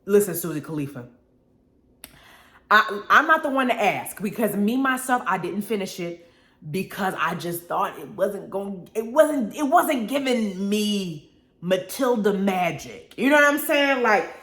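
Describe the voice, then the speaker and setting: Animated woman host in an echoey room. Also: medium pitch, a little slow. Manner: animated, expressive, laughs often, drawls "honey" and "y'all". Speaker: radio show host. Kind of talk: casual live-stream chat reading viewer comments. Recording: roomy echo.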